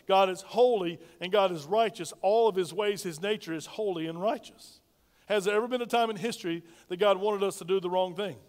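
A man's voice: high-pitched, big-room sound. A male pastor preaching a sermon, calling on the congregation to repeat lines after him. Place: church sanctuary.

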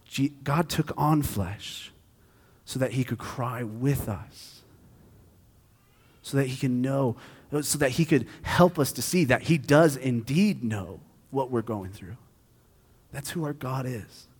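A man preaching a sermon, shifting between quiet, hushed stretches and loud, intense passages. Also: mid-range voice, takes it slowly, husky, big-room sound. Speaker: pastor.

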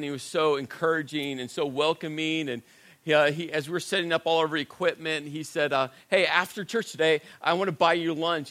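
A middle-aged pastor with a fairly high-pitched voice delivers a sermon, sharing a personal story in a conversational, self-deprecating manner. At serious moments he lowers his voice to a hush.

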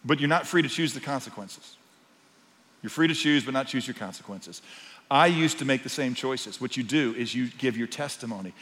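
A man preaching a sermon as pastor, swinging between quiet, intimate passages and loud, emphatic ones. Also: mid-range voice, fairly quick, long reverb tail.

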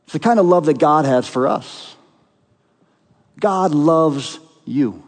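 A man delivers a sermon as pastor, his voice sitting a little high for a man. He speaks earnestly and emphatically, pressing his points with rhetorical questions. His words ring out with a long reverb, as in a large hall. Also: lively intonation, slow pace.

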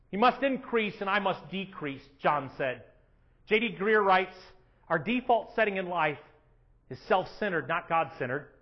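A man with a high, light voice preaches a sermon from the front of a church. He is animated and acts out people's prayers in a raised voice. The sound is a little dull and lo-fi. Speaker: pastor. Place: church sanctuary.

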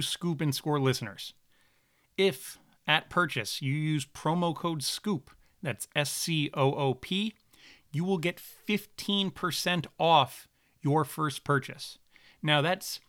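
A man's voice: on the high side, unhurried, a bit bright, no room sound, studio quality. A man hosting a podcast, reading an ad in a rambling, jokey way, correcting himself as he goes. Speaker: podcast host. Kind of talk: casual podcast ad read.

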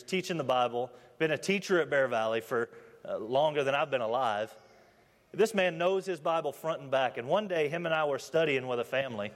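A man in his twenties preaching a sermon, earnest, reading scripture aloud and asking the congregation questions. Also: medium pitch. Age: 20s. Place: church building. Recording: long hall reverb.

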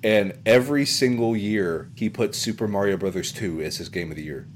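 A man hosting a casual podcast chat, easygoing and quick to laugh, with lots of fillers. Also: lowish voice, over loud music. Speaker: podcast host.

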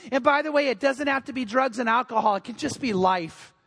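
A male pastor preaching a sermon, telling a story earnestly, hushing in tender parts and rising when urging. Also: very high voice, a little fast, creaky, in a large hall. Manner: earnest, drops to a hush in tender moments, rises when urging.

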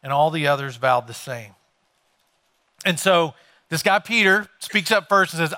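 A man's voice: on the high side, expressive, measured pace, pauses often, sharp tone. A male pastor preaching a sermon, retelling a scripture story in conversational everyday words.

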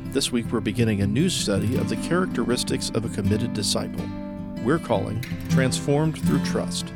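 A man reading a scripted radio introduction for a church broadcast in an even, formal way. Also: medium pitch, moderate pace. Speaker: broadcast announcer. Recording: voice over loud guitar music.

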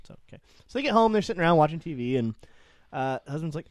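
A man co-hosting a casual comedy show, laughing often and pushing his voice into a deliberately high, energetic register. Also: no room sound, studio quality. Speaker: co-host.

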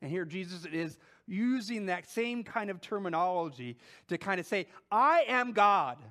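A man with a fairly high voice preaches a sermon. He talks conversationally and keeps going with fillers and restarts. When he reads scripture he slows down and gives the words weight. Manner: animated, with quoted scripture spoken slowly. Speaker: pastor.

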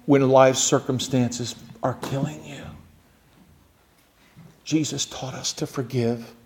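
A man preaching a sermon, building up to loud, rising emphasis and then dropping to a hushed, quiet delivery. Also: mid-range voice, fairly even intonation, slow pace, a little hiss or hum. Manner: dramatic, swelling to loud emphasis and dropping to near whispers.

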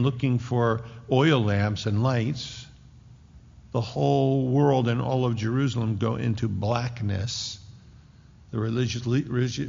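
A man preaching a sermon with a dramatic delivery, rising to loud declarations and dropping to hushed tones. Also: fairly low pitch, creaky, slightly rough. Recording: dull lo-fi recording in a reverberant hall.

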